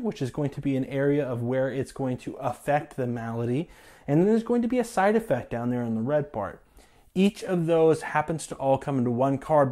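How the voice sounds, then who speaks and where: A man's voice: medium pitch, warm tone. A man casually reviewing a board game, chatty with many fillers and laughing at the topic. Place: indoors at a table with the game.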